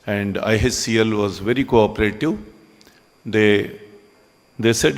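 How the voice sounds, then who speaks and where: A man giving a ceremony speech in a hall, conversational and halting with frequent pauses. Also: fairly low pitch. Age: 60s. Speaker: business owner speaking at a ceremony.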